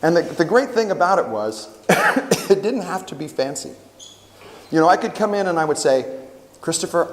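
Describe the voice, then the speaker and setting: Middle-aged male camp preacher, animated storyteller, slightly high pitch, echoing hall. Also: normal speed. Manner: animated storyteller, acts out quotes. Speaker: camp worship speaker. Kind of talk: storytelling sermon. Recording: long hall reverb.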